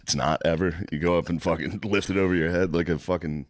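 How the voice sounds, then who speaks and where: Very deep-voiced man, crude podcast banter. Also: steady tone, fast, no echo. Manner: crude, mocking storytelling, rising to loud anger. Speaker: podcast co-host. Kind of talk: casual podcast chat.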